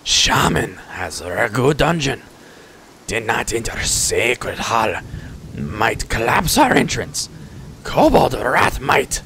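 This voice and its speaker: A man voicing a proud little male kobold chief in a video game, speaking slowly in broken phrases. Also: medium pitch, big pitch swings, creaky, pushed and bright, a little hiss or hum, heavily acted. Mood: blustery. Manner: broken clipped speech, slow and emphatic.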